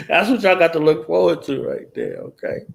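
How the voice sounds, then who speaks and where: A man hosting a radio talk show, chatting in a laid-back, slang-heavy way and telling animated stories. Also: normal speed, vocal fry, a crowd in the background. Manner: animated storyteller who mimics callers in a higher, louder voice. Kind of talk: casual chat.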